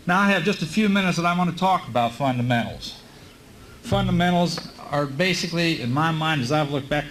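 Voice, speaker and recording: A man giving a high school commencement speech at a podium microphone, telling stories folksily with frequent filler pauses. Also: fairly bright tone, a little hiss or hum, rough recording. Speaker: commencement speaker. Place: high school graduation ceremony.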